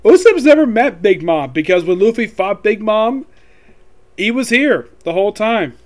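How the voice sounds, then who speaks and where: A man casually recapping a manga chapter, rambling and reading lines aloud in quick voices. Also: high-pitched, very animated. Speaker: manga reviewer.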